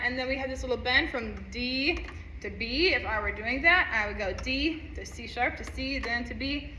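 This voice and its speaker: Bright-voiced woman teaching music. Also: a little high, a little hiss or hum. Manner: counts rhythms aloud and sings them; upbeat, encouraging. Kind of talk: instrument lesson walkthrough. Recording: echoey room, faint ambience.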